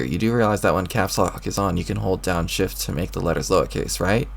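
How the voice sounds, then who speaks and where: A man reading a webcomic to his stream, speaking as a mocking inner voice. His voice is low, with a gravelly fry through it. The delivery is dry and condescending. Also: fast talker. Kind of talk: reading a webcomic aloud, narrating in second person.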